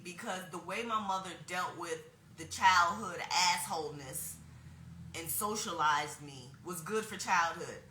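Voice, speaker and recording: A woman in her forties talks frankly and casually, telling stories with plenty of slang. Her voice is bright and forceful but sits a little low. The recording picks up a roomy echo. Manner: frank, chatty storytelling with slang. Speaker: wellness workshop presenter. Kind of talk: casual spoken workshop talk.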